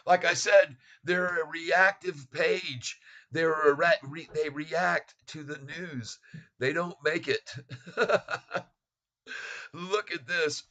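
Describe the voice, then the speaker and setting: A man's voice: on the high side, takes it slowly, pauses often, sharp tone. A man hosting a live stock market stream, reading out prices and taunting short sellers with frequent laughter. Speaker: stock market livestream host.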